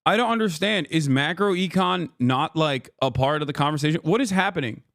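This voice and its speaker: An exasperated male streamer rants through sarcastic political commentary and swears freely. His voice sits high for a man, and the sound is very dry and close, without any room echo. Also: fairly quick, creaky, a bit bright.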